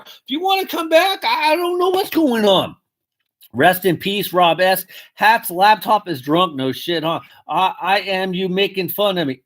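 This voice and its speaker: A man's voice: fairly high pitch, fairly bright tone. A man hosting a live podcast stream, rambling casually, swearing and reading out chat comments. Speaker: podcast host.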